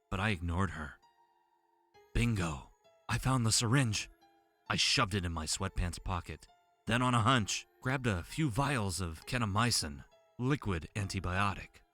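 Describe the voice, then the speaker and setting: A man's voice: on the low side, expressive, measured pace, a bit bright, faint music behind. A man narrating a horror story in a tense, dramatic way.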